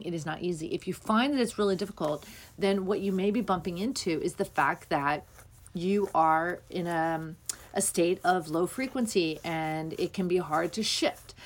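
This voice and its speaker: A young woman hosting a spiritual podcast, talking earnestly and rambling, with many fillers. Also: on the low side. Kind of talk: casual spiritual talk.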